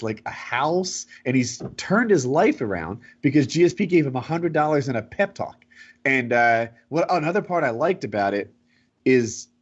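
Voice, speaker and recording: A husky man hosts a casual podcast, rambling through a story with lively swings in pitch. His voice comes through a dull, lo-fi home mic. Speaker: podcast host.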